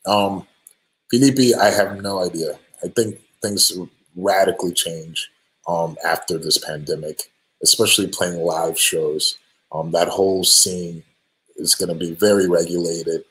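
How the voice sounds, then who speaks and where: Deep-voiced man answering fans, hesitant. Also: a little slow, low-quality recording. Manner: relaxed, hesitant, many ums and restarts; friendly, thanks each fan by name. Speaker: band singer answering fan questions. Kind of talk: live stream Q&A.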